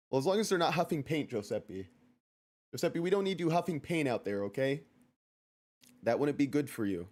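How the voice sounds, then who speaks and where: A man's voice: on the high side, animated, normal speed, pauses often, darkish tone. A young man streaming a game, chatting casually with his viewers, joking around and reading out chat messages in silly voices. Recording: faint music behind.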